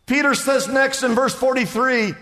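A man's voice: extremely high pitch, fairly even intonation, moderate pace, sharp tone. A male pastor preaching a sermon, telling stories and building to emphatic peaks in a large church. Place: large church in Los Angeles. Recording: echoey church hall.

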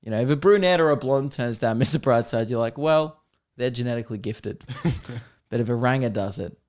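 A man's voice: medium pitch, moderate pace. Young aussie guy doing a comedy podcast rant, swears, laughs, acts out voices. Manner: animated storytelling, swearing, frequent laughs and put-on voices. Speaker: podcast host.

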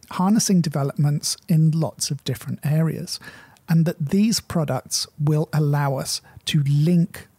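A man's voice: on the high side, dark tone, husky, dry recording. A man hosting a show who explains technology at length in a conversational way, with a wry, self-mocking humor. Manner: long-winded, wry and explanatory. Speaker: podcast host.

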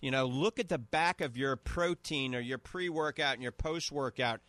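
A man's voice: mid-range voice, normal speed, fairly bright tone, dry recording. A man with a New Orleans accent hosting a call-in radio health show, chatting enthusiastically and giving recommendations. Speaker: radio show host and eye doctor. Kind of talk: casual call-in radio chat.

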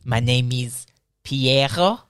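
A woman's voice: a bass voice, slow pace. A woman voicing a pushy foreign male photographer who barges in and talks in broken, blunt English. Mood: cheeky.

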